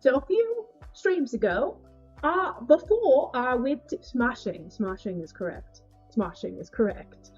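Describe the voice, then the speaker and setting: A woman putting on a deliberately bad cockney British accent, chatting playfully with hammy British slang. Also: mid-range voice, a little mellow, breathy edge, lo-fi sound, soft background music, pitched below the performer's own voice.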